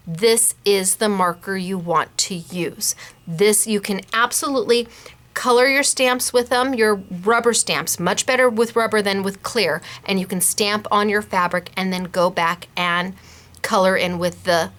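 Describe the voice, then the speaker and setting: A woman hosting a casual craft tutorial, chatty and bubbly and quick to laugh. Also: medium pitch, a bit bright. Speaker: host of a scrapbooking shop channel.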